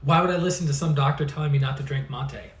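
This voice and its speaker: A man's voice: mid-range voice, fairly even intonation, fast talker, natural voice. A man voicing an incredulous middle-aged male friend, exclaiming in mock outrage. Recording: roomy sound, mic at a distance.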